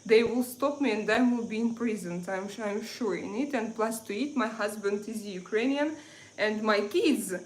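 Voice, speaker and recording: A woman's voice: medium pitch, normal speed, roomy sound, slight background noise. A woman from Russia with a Russian accent, hosting a makeup livestream in casual chat, hesitant with many fillers and restarts. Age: 30s or 40s. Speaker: beauty livestream host.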